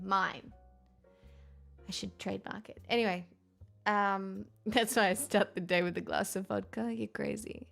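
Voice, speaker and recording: A young woman hosts a livestream, reading viewer messages and chatting playfully, laughing often despite sounding very tired. Her medium-pitched voice has vocal fry and a measured pace, with faint music behind her.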